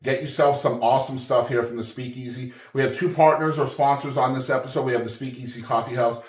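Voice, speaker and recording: A man hosts a podcast from a coffeehouse, joking and chatting in a casual, upbeat way. His voice sits at a middle pitch. The room adds a clear echo around him. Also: fairly even intonation, fast. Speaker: podcast host. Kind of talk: casual interview chat. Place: coffeehouse, indoors.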